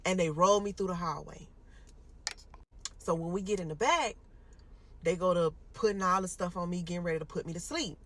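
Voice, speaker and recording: A young woman tells a personal story straight to her viewers. She addresses them as "y'all" and acts out the shouted lines she quotes. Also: on the low side, brisk, pauses often.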